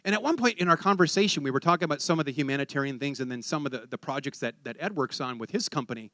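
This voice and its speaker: A man's voice: fairly high pitch, rapid-fire, pushed and bright, dry recording, studio quality. A man preaching a sermon, telling a story and acting out the conversation, then rising to fervent exhortation.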